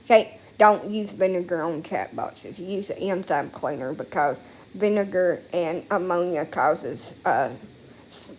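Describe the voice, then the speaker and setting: A woman's voice: fairly low pitch, measured pace, darkish tone. A woman talking casually into a phone at home, rambling and emotional, with frequent swearing. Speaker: vlogger. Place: at home, indoors.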